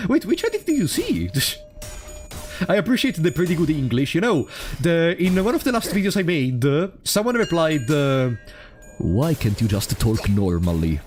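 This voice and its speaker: A native Italian speaker from Italy streams a game with casual commentary, his voice on the high side and sing-song at normal speed. Wry and sarcastic, he laughs often in his Italian accent as faint game music plays.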